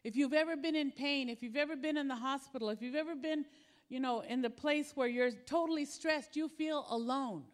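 High-voiced woman preaching with animated storytelling. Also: brisk. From Philippines. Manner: animated storytelling, acting out her own panic. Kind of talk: sermon.

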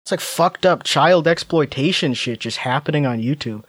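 A man co-hosting a podcast who reads a post aloud and breaks off into blunt, mocking, profane asides. His voice sits a little higher than most men's. The sound is close and dry, with almost no room around it. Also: normal speed, a bit bright, slightly rough, no echo. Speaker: podcast co-host. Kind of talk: casual chat, reading a post aloud.

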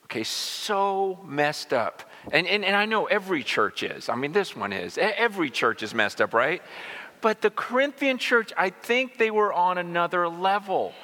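A male pastor preaches with a high, bright, forceful voice. He talks in an animated way, stumbling over repeated words and slipping into the voices of the people he quotes. The sound rings out with the long reverb of a large church hall. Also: normal speed, slight background noise. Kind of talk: sermon.

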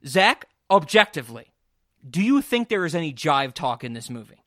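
A man co-hosting a casual film podcast, excitable and rambling, swearing freely as he talks. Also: a little high, normal speed, no echo, clean studio sound. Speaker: podcast co-host.

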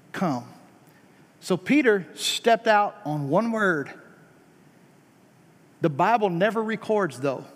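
A man preaching a sermon, talking conversationally with rhetorical questions and punching key lines with emphatic rises before dropping low. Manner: emphatic, rising to high stressed peaks then dropping low. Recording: long hall reverb.

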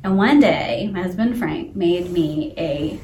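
Animated woman telling a story in an echoey room. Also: lowish voice, slow, slight background noise. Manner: animated storyteller, laughing through her story. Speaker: podcast co-host and emotional intelligence coach. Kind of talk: casual chat.

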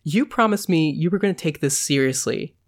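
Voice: lively intonation, fairly quick, close to an everyday voice. A podcast host reading a story aloud, voicing a young actress in a raised, emphatic voice. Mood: exasperated. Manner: higher, emphatic. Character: young actress, sharp and exasperated.

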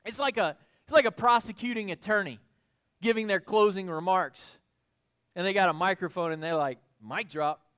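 Male pastor, high-pitched, animated folksy preaching. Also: fairly quick, clear, resonant tone. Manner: animated, builds to excited shouts, folksy asides. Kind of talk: expository sermon.

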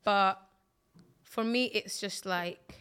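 A woman's voice: medium pitch, takes it slowly, fairly bright tone, smooth. A woman co-hosting a casual podcast chat, blunt and full of fillers. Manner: blunt, uses lots of fillers. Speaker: podcast co-host.

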